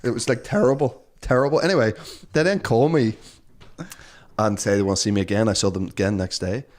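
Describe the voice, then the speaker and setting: Low-voiced Northern Irish man telling stories. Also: fairly quick, a little mellow. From Northern Ireland. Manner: rambling, self-deprecating, many restarts. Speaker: guest. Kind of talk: casual interview storytelling.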